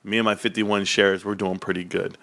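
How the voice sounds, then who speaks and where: A man's voice: sits low, level tone, brisk, gravelly, a bit bright, dry recording, studio quality. A man in his forties rambling and joking to his viewers in a casual rant. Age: 40s. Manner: rambling, joking, tangent-prone. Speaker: stock market vlogger.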